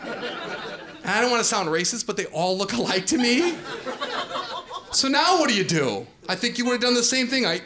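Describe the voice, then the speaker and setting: A man in his forties doing a stand-up comedy set on a club stage, acting out dialogue in animated storytelling, with an audience laughing behind him. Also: very high voice, moderate pace, long pauses. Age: 40s. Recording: live club audio with crowd laughing.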